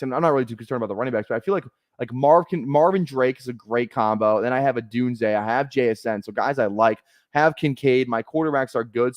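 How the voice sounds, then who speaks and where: A man's voice: medium pitch, no echo, studio quality. A man streaming casually, thinking aloud in a rambling way with lots of fillers. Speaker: fantasy football streamer. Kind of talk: casual live-stream commentary.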